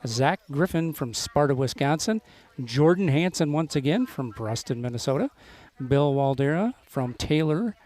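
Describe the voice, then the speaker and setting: A man announcing a live local event on a microphone, halting often with filler pauses as he reads names off a list. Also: a little high, animated, a little mellow. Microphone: handheld microphone.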